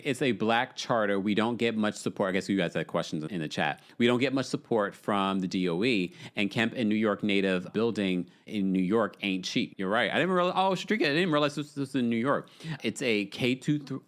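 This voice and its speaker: A man hosting a live stream, reading super chats and answering callers in a sassy, animated way with laughing asides. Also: lowish voice. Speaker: host. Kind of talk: live-stream chat reading fan comments.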